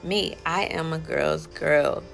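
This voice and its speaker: A woman's voice: sits low, steady tone, takes it slowly, vocal fry, faint music behind. A woman telling her own life story in a casual, rambling way, full of fillers and quoted exchanges.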